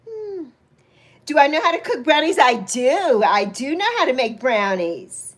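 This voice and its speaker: Animated high-voiced woman in her sixties. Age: 60s. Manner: chatty, affectionate, greets viewers by name, laughs often. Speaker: livestream host. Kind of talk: casual livestream chat reading comments.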